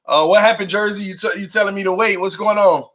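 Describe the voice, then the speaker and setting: Bright-voiced man hosting a live stream. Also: high voice, fast talker. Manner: animated, laughs often, reads viewer comments aloud. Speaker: live-stream host reading chat. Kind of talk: casual live-stream chat.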